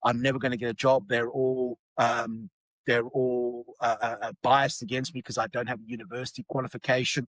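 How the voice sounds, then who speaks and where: A man's voice: mid-range voice, fairly bright tone, dry recording, low-quality recording. A middle-aged man from South Africa, a podcast guest, telling a personal story with many fillers and restarts. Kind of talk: storytelling in conversation.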